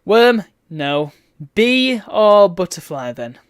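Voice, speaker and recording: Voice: medium pitch, very animated, slow pace, smooth, no room sound. A streamer, chatting wryly and reading game text aloud while playing a retro game. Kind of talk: let's play commentary.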